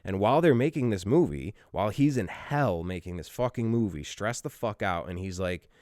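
A man's voice: lowish voice, expressive, moderate pace, a little mellow, no room sound, studio quality. A man casually telling a long, profane story as a podcast co-host. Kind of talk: casual chat.

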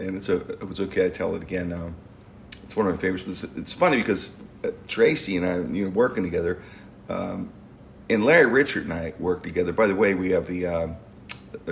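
Gravelly middle-aged man rambling. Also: deep voice, slight background noise. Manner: rambling, stumbling restarts, animated laughing storyteller. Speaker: podcast host. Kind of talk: casual storytelling chat.

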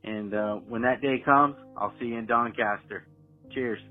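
A man's voice: medium pitch, steady tone, normal speed. Hesitant man on a phone line. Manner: sincere, hesitant with fillers. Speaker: caller leaving a voice message. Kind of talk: recorded phone message. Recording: tinny phone line with faint music.

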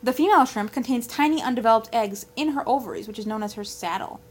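A woman's voice: a little high, fast talker. A woman co-hosting a podcast in casual chat, blunt and dismissive, often reading aloud from articles. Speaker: podcast co-host.

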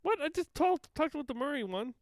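A man co-hosting a podcast in casual chat, animated and swearing often. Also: very high-pitched, fairly quick, dry recording. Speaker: podcast co-host.

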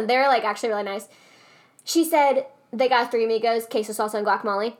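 A woman with a high voice tells a story in a casual chat. She is animated and swears freely, and she often slips into impressions of other people. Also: brisk.

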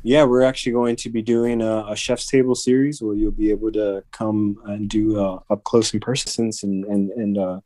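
A man who organizes events, talking as a podcast guest in casual chat, halting and restarting often. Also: lowish voice, little pitch movement, dark tone, dry recording.

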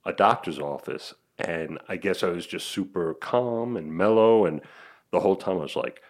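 A man's voice: deep voice, normal speed. A man co-hosting a podcast, chatting casually and telling stories in a laid-back way. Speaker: podcast co-host. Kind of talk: casual chat.

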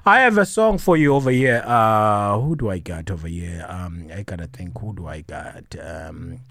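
A man's voice: fairly low pitch, expressive, normal speed, fairly bright tone. A man co-hosting a casual radio show, playful and teasing, laughing often as he chats with his co-host.

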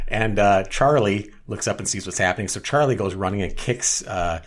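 Deep husky man telling rambling stories. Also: normal speed, few pauses. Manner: rambling storyteller, many restarts, acts out quotes loudly. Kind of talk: casual chat.

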